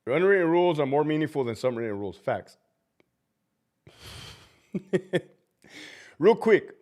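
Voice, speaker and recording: Animated, profane former prison guard. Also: male voice, a little high, unhurried. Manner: profane, blunt, animated storytelling. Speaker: livestream host, former prison officer. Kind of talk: casual livestream chat.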